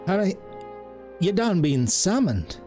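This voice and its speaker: A man's voice: sits high, big pitch swings, slow pace, warm tone, soft background music, pitched above the performer's own voice, exaggerated voice. A man voicing a plump, motherly female neighborhood cat who fusses and calls everyone honey. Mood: fussing. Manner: fussing, calls others honey and baby.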